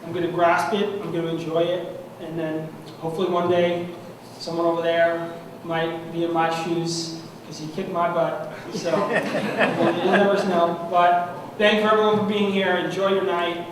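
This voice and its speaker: Emotional and hesitant, a young award recipient with a high-pitched voice gives a sincere acceptance speech. The audio comes from a distance in a big, echoey banquet hall at an annual meeting, where constant background noise hums.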